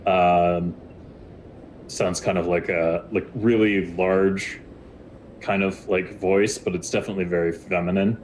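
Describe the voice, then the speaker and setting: A man with a very low voice runs a tabletop game. He describes scenes in a loose, rambling way, full of restarts. Faint background noise. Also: little pitch movement, unhurried, darkish tone, rough recording. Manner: rambling, many fillers and restarts. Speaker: game master.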